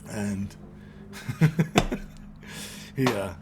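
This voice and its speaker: A man's voice: on the low side, animated, drawn-out words, noisy background. A man co-hosting a casual podcast, telling jokes in a rambling way with lots of fillers. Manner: rambling joke-teller, trails off with fillers. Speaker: co-host.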